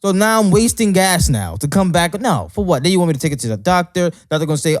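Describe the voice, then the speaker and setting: A man's voice: high-pitched, quick pace, no room sound, clean studio sound, faint music behind. A man co-hosting a podcast, telling stories in a casual, profane, ranting way. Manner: animated, profane ranting storyteller. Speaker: podcast co-host. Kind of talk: casual chat.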